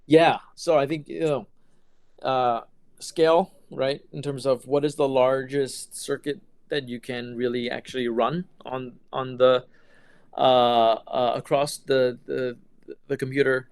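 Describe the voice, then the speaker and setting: Middle-aged man, interview guest, smooth clear voice, dry close sound, lots of ums and restarts. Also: mid-range voice, little pitch movement, measured pace, no room sound. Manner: hesitant, many fillers and restarts. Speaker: quantum computing engineer. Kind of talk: casual interview answers.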